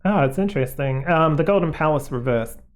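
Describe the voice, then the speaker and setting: A man giving a casual, rambling tarot card reading to viewers, full of "like" and "um", in a gently reassuring way. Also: a little high, animated, a little fast. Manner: rambling, heavy on fillers like "like" and "um".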